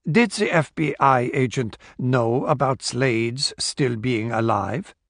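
A narrator voices a composed killer who speaks slowly and quietly. The menace stays cool and controlled, and the close recording has almost no room sound. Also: male voice, medium pitch, no room sound. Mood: probing. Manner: slow, quiet, coolly menacing. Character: cold, calm male interrogator and killer.

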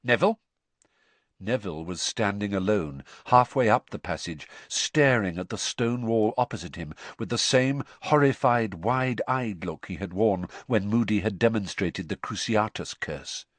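A man narrating an audiobook in an expressive, varied manner. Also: fairly low pitch, normal speed, few pauses, no echo.

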